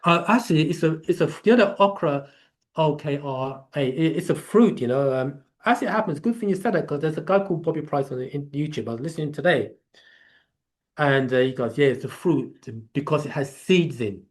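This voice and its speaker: A man's voice: on the high side, brisk. A man with an English accent hosting a live Q&A, explaining in a casual, rambling way with many restarts. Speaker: host of a live Q&A.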